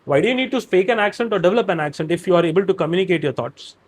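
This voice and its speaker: High-voiced man with Indian English accent. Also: lively intonation, racing. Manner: expansive, emphatic, lists examples. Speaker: guest, operations director and career trainer. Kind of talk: candid podcast conversation.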